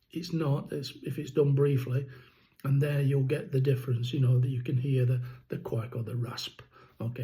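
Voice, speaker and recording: A man's voice: medium pitch, dark tone, rough recording. A man with a rattle in his throat, explaining poultry keeping in a rambling, casual vlog. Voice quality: rambling, many ums and restarts. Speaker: poultry keeper vlogger.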